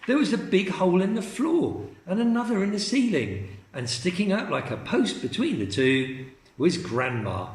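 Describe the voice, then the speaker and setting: A man teacher reading a children's story aloud in a slow, expressive storytelling manner. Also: high-pitched, echoey room.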